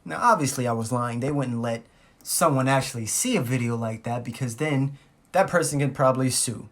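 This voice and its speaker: Guy doing a storytime vlog, animated, cussing, comic. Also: medium pitch, fairly quick. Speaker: vlogger.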